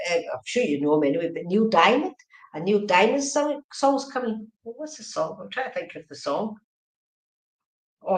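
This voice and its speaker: A woman giving fast, chatty psychic readings on a live stream, often checking in with okay and right. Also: lowish voice, echoey room, rough recording. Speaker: medium.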